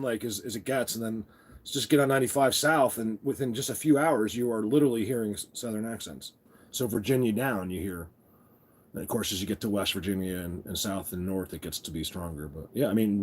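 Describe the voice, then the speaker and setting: A man's voice: medium pitch, breathy edge. A man chatting casually with viewers on a live stream from his phone, groggy from just waking up and rambling as he greets people by name. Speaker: vlogger hosting a live stream. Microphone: phone camera.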